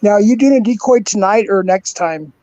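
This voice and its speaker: A man's voice: sits high, a little fast, dark tone, no echo, highs cut off. An older man co-hosting a casual livestream, easygoing, greeting chatters by name and chuckling, his voice worn and going. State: losing his voice. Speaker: co-host.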